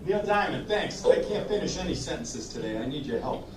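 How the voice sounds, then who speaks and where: A man's voice: fairly high pitch, very animated, fairly quick, noisy background. Upbeat man leading a sing-along in a roomy hall. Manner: chatty, encouraging, leads audience singing. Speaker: sing-along entertainer for seniors. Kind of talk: live sing-along show with chat between songs. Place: senior living community hall. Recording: roomy hall, heard from a distance. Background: instrumental backing music.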